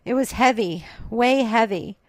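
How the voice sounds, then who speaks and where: A woman's voice: fairly high pitch, a little slow, no room sound, low-quality recording. A woman hosting a podcast, telling a reflective, confessional personal story. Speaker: podcast host.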